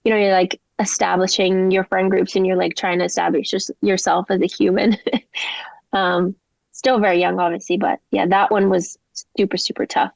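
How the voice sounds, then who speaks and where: A young woman from England speaks in a lively, chatty way, scattering casual fillers through her story. Her mid-pitched voice carries a gravelly, creaky edge. The recording is dry and a little dull, with the lo-fi feel of a podcast. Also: moderate pace, no echo. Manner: chatty, animated, many "like" fillers. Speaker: guest singer-songwriter. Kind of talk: casual interview chat.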